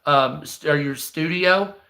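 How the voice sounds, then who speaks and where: A man's voice: on the high side, measured pace, creaky, bright, forceful tone. A man hosting a live stream, ranting in a rambling, profane, mocking way. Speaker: live stream news host. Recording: echoey room.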